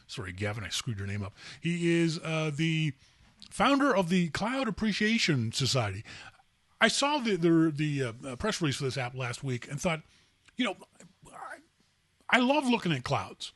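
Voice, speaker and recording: A man's voice: fairly high pitch, very animated, moderate pace, no echo. A Canadian man hosting a podcast, talking in a rambling, chatty way and correcting himself often. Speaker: podcast host. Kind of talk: casual podcast talk.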